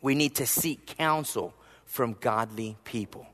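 A man preaching a sermon, telling a personal story, with soft asides and emphatic rises. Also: medium pitch, measured pace, in a large hall. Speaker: pastor.

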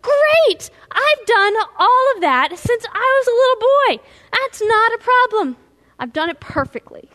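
A woman voicing an earnest, self-assured young male religious leader who talks quickly and excitedly. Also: sits high. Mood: exultant. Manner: excited, quick, bursting with confidence.

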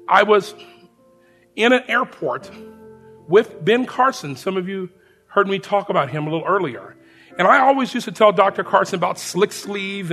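A man preaching a testimony as a lively story, speaking to the congregation as friends. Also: sits high, gravelly. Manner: animated storyteller, shouts the sergeant's lines. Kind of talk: sermon storytelling.

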